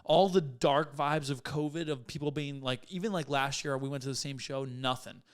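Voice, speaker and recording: A man's voice: mid-range voice, fairly even intonation, normal speed. Blunt, foul-mouthed young man. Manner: blunt and profane. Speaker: podcast co-host. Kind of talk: casual chat.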